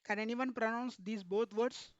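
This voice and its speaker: Man quizzing students, high voice. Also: fairly even intonation, moderate pace, muffled recording, a little hiss or hum. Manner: repeatedly quizzes students, addresses them as sir. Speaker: instructor. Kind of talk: online technical class.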